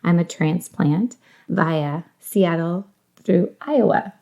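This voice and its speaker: A woman with a Northern US accent chats upbeat as a guest on a podcast, laughing easily in a casual conversational interview. She's a children's ministry coordinator, and her lowish voice is slow, creaky, and warm.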